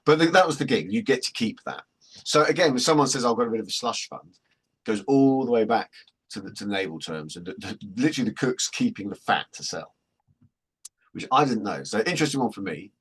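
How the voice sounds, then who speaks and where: Male workshop presenter, husky lower voice, chatty and jokey anecdotes. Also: expressive, brisk. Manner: chatty, joking storyteller.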